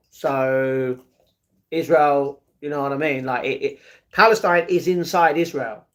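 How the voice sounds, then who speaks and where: A man hosting a casual livestream, reading viewers' chat messages aloud and answering each one directly from home. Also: on the high side. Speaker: livestream host.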